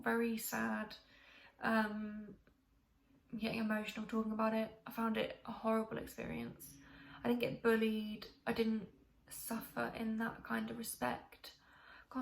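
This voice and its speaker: A woman chatting with a gravelly edge. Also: a little high. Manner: chatty and rambling, many ums and restarts. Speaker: vlogger. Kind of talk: casual chat to camera. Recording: echoey room, faint hiss.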